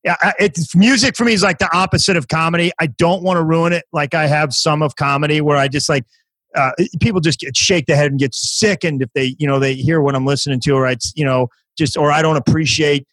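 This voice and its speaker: A man's voice: on the high side, fairly even intonation, fairly quick, a bit bright, no echo, rough recording. A man, a comedian guest on a podcast, telling stories in a rambling, self-mocking way during casual chat.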